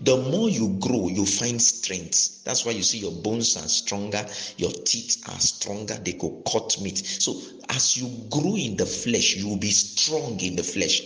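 Male preacher, low voice, teaching sermon, repeats phrases and checks in with the listeners. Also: expressive, a little slow, few pauses, a bit bright, poor audio.

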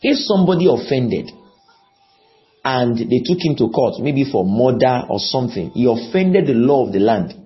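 A man's voice: big pitch swings, normal speed, highs cut off, soft background music. A man preaching a sermon, pleading with his listeners and often asking them questions. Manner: pleading, rises on key words then drops low; repeats and asks the audience questions.

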